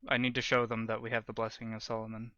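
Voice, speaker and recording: A man chats through a tabletop game in a plain, matter-of-fact tone. His voice is bright. The recording is dry and a bit dull, with no room around it. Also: medium pitch, completely flat delivery, fast, dry recording. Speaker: player. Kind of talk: casual tabletop game chat.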